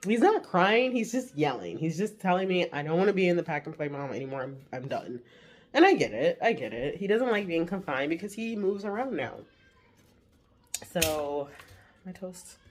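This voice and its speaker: A mother in her forties vlogs casually in her home kitchen, chatting to a camera set on the counter as she makes breakfast. Her voice is lowish, and there's a little hiss or hum.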